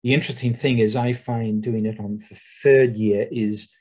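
A man who owns a nature reserve gives a webinar talk over a video call. He speaks in a relaxed, rambling way, with many ums and restarts. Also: medium pitch, normal speed, poor audio.

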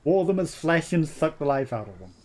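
A man's voice: fairly high pitch, big pitch swings, fairly quick. A man casually commenting on a game he plays, chatty and jokey and often laughing. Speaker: let's play host.

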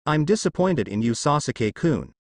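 A man's voice: on the high side, very animated, moderate pace, dry recording, clean studio sound. A man voicing a mocking, snake-like female ninja with a silky, taunting manner.

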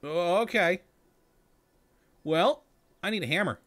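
A man's voice: high voice, expressive, takes it slowly, a bit bright. A man hosting a let's-play video, chatting casually to himself and laughing often as he plays. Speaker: gaming channel host.

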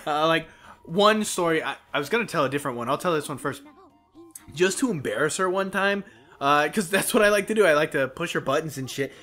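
A man co-hosts a casual gaming let's play, telling crude, joking stories. His slightly high voice swings in pitch and sounds bright and forceful. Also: animated, a little fast, faint music behind. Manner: crude, joking storyteller who laughs a lot.

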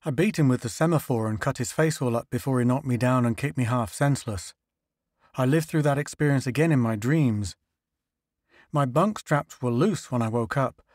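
A man voicing a troubled male spaceship astrogator in a low, subdued tone. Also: moderate pace, a little mellow, no echo, clean studio sound, close to an everyday voice. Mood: confessing.

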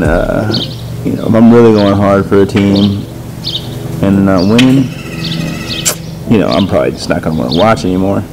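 A man who runs a dog kennel chats casually for a vlog outdoors in his yard, rambling, correcting himself as he goes, and using baby talk with his dogs. His voice is fairly low-pitched, and the recording is rough.

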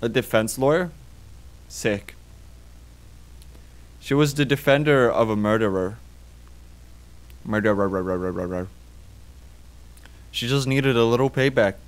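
A man's voice: mid-range voice, a little slow, pauses often, smooth. Laid-back man narrating a horror game. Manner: reads game text aloud, swears, sleepy and joking. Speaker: gaming video host. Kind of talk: casual horror game commentary.

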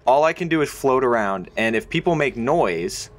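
A man's voice: medium pitch, expressive, normal speed. A man giving casual gaming commentary as a let's play host, joking and explaining the game rules at length.

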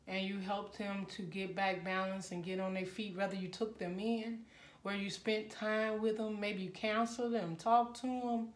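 A woman's voice: medium pitch, steady tone, normal speed, slight background noise. Emotional woman tarot reader in an echoey room. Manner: emotional, exclaiming, talks straight to the viewer. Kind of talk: casual tarot reading to camera.

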